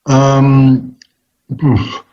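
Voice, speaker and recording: A man's voice: mid-range voice, completely flat delivery, drawn-out words, warm tone. Man giving thoughtful hesitant answers. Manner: thoughtful, hesitant, frequent restarts. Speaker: interview guest, cybernetics researcher. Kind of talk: casual interview answers. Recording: dull lo-fi recording.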